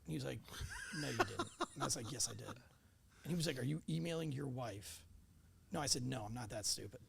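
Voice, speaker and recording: A man's voice: mid-range voice, fairly quick, vocal fry, fairly bright tone, slightly rough. A man in his forties, a former police officer, telling casual anecdotes as a podcast guest, acting out quoted dialogue and swearing freely. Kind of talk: casual storytelling chat.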